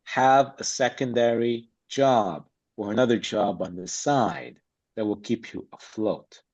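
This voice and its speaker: A man's voice: lowish voice, unhurried, darkish tone. A man speaking as a podcast guest about acting, blunt and emphatic in a streetwise way. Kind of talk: casual interview chat. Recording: slightly dull lo-fi sound.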